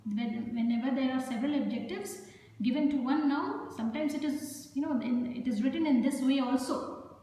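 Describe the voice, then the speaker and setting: A woman's voice: high-pitched, moderate pace, dark tone. A woman teaching an English grammar lesson, patiently repeating points and often saying "okay" and "you know.". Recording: echoey room with long reverb.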